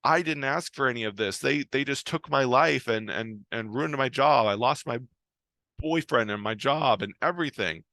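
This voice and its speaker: A man doing a frantic shrill woman. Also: normal speed, pushed and bright, no echo. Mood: pleading.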